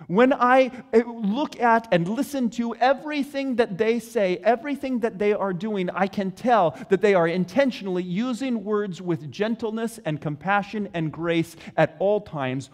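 Earnest high-voiced male preacher, reverberant. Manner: earnest, questioning, measured pauses. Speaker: pastor. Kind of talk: sermon.

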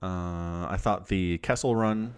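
A man co-hosting a podcast, in casual, animated chat with sarcastic asides. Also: low voice, slow pace, smooth. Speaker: podcast co-host.

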